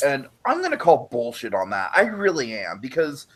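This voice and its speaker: A man's voice: mid-range voice, huge pitch swings, normal speed, slight background noise. Opinionated man hosting a recap chat. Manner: opinionated, emphatic, apologetic asides. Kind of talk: casual recap discussion.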